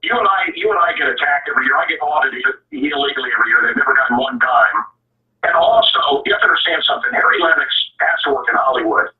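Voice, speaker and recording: A radio host calling in as a guest, ranting bluntly and stammering in a heated talk radio style. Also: male voice, mid-range voice, fast, echoey room, far from the mic, narrow, tinny audio.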